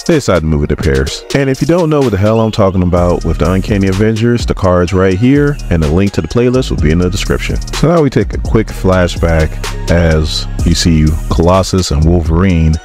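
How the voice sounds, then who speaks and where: A man's voice: low voice, expressive, a little fast, a little mellow, faint music behind. A man hosting a casual comic book recap, narrating in a sarcastic, mocking way.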